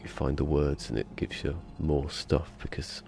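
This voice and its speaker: A man's voice: very deep voice, level tone, moderate pace, creaky, darkish tone, faint music behind. A man streaming a game from a small room at home, sniffly with a cold, rambling and joking to himself in casual chatter. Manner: rambling, jokey self-talk.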